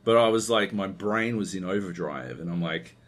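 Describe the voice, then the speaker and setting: A man's voice: low-pitched, normal speed. Sweary man telling a rambling story. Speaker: podcast host. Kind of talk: casual chat.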